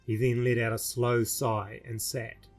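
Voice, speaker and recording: A man reading his own fantasy novel aloud in a steady, measured storybook narration. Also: mid-range voice, faint music behind.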